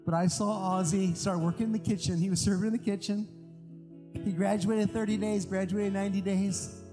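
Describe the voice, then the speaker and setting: A man preaching a sermon as pastor, telling stories in an animated, emphatic way. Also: high voice, a little fast. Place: large church hall. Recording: long hall reverb with music. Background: guitar music.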